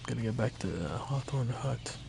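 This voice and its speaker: A man's voice: medium pitch, animated, moderate pace, creaky, noisy background. A male streamer making chatty, self-deprecating comments while playing a game. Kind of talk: casual gameplay commentary.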